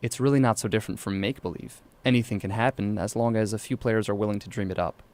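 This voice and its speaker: A man narrating a scripted radio news feature as a reporter, in a measured, even delivery. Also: fairly low pitch.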